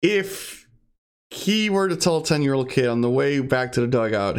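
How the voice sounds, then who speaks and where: A man's voice: medium pitch, lively intonation, normal speed, clean tone. A young man giving a blunt, profane pep-talk rant in a casual monologue.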